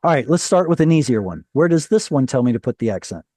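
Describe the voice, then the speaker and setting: Mellow-voiced man teaching an online class. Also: medium pitch, very animated, fast, no room sound. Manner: explanatory, questioning students, self-correcting. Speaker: Hebrew teacher. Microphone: video call.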